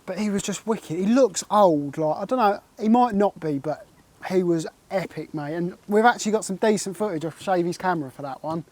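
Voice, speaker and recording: A man, telling an excitable and rambling fishing story in a casual interview, full of "like" and "mate". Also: high-pitched, fairly quick, dry recording. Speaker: carp angler recounting a catch.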